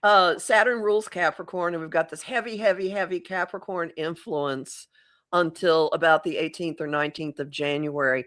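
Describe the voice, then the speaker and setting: A middle-aged woman astrologer guests on a casual podcast, her fairly low, fairly bright voice keeping a steady tone at normal speed. She reflects as she talks, rephrasing ideas midway.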